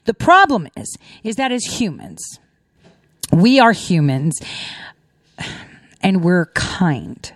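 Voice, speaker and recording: A woman's voice: fairly low pitch, huge pitch swings, takes it slowly, long pauses, no echo, studio quality. A middle-aged woman talking casually to her viewers, emphatic and repetitive, with lots of rhetorical questions. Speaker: commentator.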